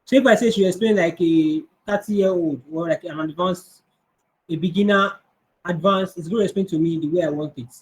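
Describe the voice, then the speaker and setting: A man's voice: high-pitched, normal speed, low-quality recording. Man teaching an online coding class. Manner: conversational, answers questions, restarts often. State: strained voice. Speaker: coding instructor.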